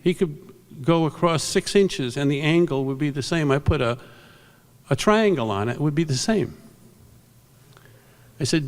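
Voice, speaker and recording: A man's voice: a little high, animated, normal speed, pauses often. An older man from New York giving a rambling, anecdotal awards speech on a convention stage, with asides to the audience. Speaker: award presenter. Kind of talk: storytelling speech at an awards ceremony. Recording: reverberant convention hall.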